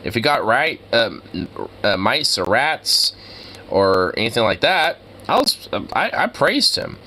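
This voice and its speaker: A man's voice: mid-range voice, sing-song, unhurried, pushed and bright. A man co-hosting a casual reaction show, rambling and exasperated with lots of filler words. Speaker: co-host reacting to a video. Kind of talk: casual profane reaction commentary.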